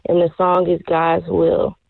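Raspy woman caller on a phone line. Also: lowish voice, monotone, measured pace, no room sound. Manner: eager, persuasive. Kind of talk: call-in chat.

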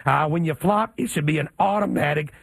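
A man's voice: a little high, a little fast, gravelly, no echo. A man co-hosting a sports talk radio show, firing off pointed rhetorical questions.

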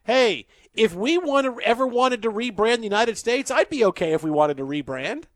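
A man's voice: very high voice, expressive, normal speed, dry recording. A man hosting a sports radio show in a studio, bantering playfully and laughing often.

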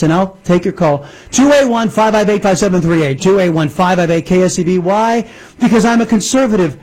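Man, talk radio host, angry rant, high voice, husky tone. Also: fairly quick, darkish tone, low-quality recording. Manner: angry, ranting, with many restarts. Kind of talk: political talk radio monologue. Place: radio studio.

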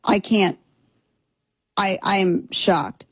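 A woman's voice: mid-range voice, very slow, slightly rough, dry recording. A woman hosting a political talk show, delivering a sarcastic, indignant monologue. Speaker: political commentary host.

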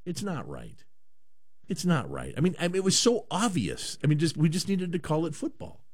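A man's voice: on the high side, moderate pace. A man hosting a radio show, chatting casually and joking with lots of restarts. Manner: animated, rambling, joking with restarts. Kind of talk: casual chat.

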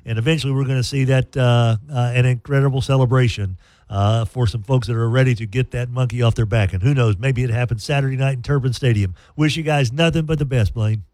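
A man hosting a sports radio show, chatty and folksy, telling stories in a lively way. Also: medium pitch, quick pace, dry recording. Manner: chatty, folksy, animated storytelling. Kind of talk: casual sports radio talk.

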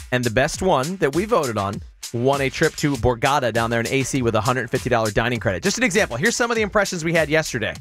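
A man hosting a morning radio show, upbeat and quick to laugh as he chats with callers. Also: mid-range voice, a bit bright. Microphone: studio microphone.

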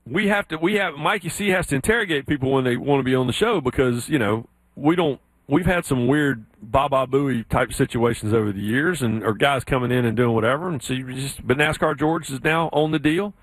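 A man from South Carolina with a Southern accent, hosting a sports radio show and telling stories with lively put-on voices. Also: a little fast, few pauses, dry recording. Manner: animated storyteller, mimics others in high voices. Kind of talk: casual sports radio chat.

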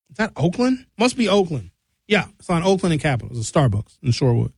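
A man hosting a talk radio show from a studio, ranting in an opinionated monologue and mocking people with high comic voices. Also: gravelly, a little mellow, dry recording.

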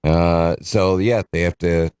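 A man's voice: low-pitched, steady tone, slow, a little mellow, clean tone, dry recording, clean studio sound. A man hosting a morning radio show, chatting casually and rambling a bit, correcting himself as he goes. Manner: rambling, self-correcting, chuckles.

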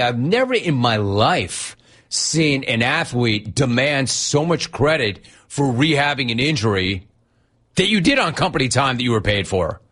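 A man's voice: mid-range voice, fairly bright tone. A man hosting a sports radio show, ranting sarcastically and incredulously at a player. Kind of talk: ranting sports talk monologue.

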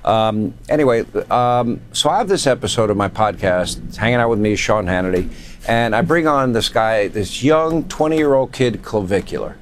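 A man's voice: fairly low pitch, expressive, normal speed, a little hiss or hum. A man hosting a cable news talk show, introducing clips and chatting with his guest. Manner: chatty, amused, conversational.

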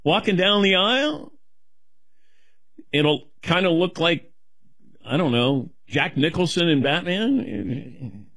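Animated husky middle-aged man. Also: fairly high pitch, slow pace, pauses often, no room sound. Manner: self-deprecating, rambling, animated. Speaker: guest taking questions. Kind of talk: casual rambling chat.

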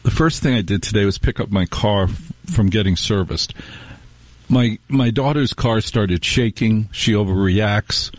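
A man's voice: lowish voice, measured pace, no echo. A middle-aged man hosting a talk radio show, telling rambling, wry stories with restarts in a casual monologue.

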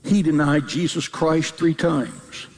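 A man preaching a sermon as a pastor, emphatic, with repeated phrases and sudden high cries. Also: fairly even intonation, slow, noisy background. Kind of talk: fiery sermon. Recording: long hall reverb.

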